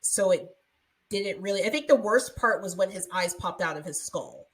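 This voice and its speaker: A woman's voice: medium pitch, lively intonation, moderate pace. A young woman co-hosting a podcast, chatting casually and rambling with many fillers. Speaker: podcast co-host. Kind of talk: casual chat.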